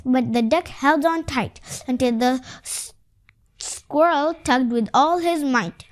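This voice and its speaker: A woman reading a picture book aloud to children, stopping to explain it with halting asides and fillers. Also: sits high. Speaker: storyteller.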